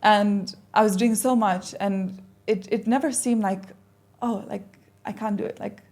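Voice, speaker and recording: A young woman, a podcast guest, telling a personal story in a casual, animated way and acting out the conversations she recalls. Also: mid-range voice, unhurried. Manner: animated, acts out quoted exchanges.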